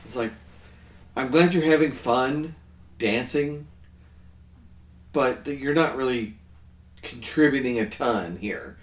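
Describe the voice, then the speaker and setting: A man hosting a podcast in a relaxed, rambling way, often breaking in to agree. His voice sits at an ordinary middle pitch. The recording has a roomy echo around it. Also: slow pace, long pauses. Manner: chatty, affirms often with "yes". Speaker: podcast host. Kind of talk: casual podcast discussion.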